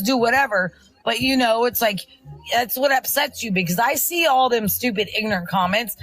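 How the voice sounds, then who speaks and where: A woman's voice: fairly high pitch, fairly bright tone, poor audio. A middle-aged woman on a livestream, angrily confronting someone in an insistent, repetitive, scolding way. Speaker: livestream guest confronting host.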